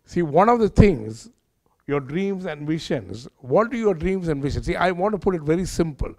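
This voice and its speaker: Male preacher, somewhat high voice, earnest conversational sermon style with audience questions. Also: animated, moderate pace, darkish tone.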